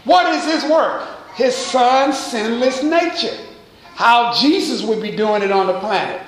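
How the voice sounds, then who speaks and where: A man preaching a sermon as pastor, pausing to quiz his congregation with call-and-response questions. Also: very high voice, lively intonation, reverberant, a little hiss or hum, low-quality recording. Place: church.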